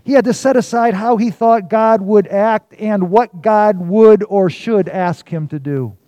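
A male pastor delivers a sermon in a slightly high, mellow voice. He moves between raised, emphatic lines and soft, hushed passages. The sound is dry and close. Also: a little slow, no room sound, dull audio. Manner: storytelling with dramatic swings from loud to hushed.

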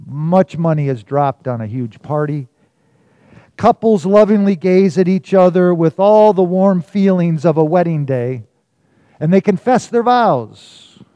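A male pastor delivers a sermon in a slightly high, mellow voice. He moves between raised, emphatic lines and soft, hushed passages. The sound is dry and close. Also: unhurried, no echo, muffled recording. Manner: storytelling with dramatic swings from loud to hushed.

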